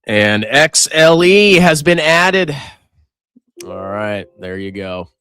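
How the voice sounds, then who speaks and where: A man hosting a casual market livestream, reading comments and reacting to prices in a jokey, animated way. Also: on the high side, slow pace, clear, resonant tone. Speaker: finance livestream host.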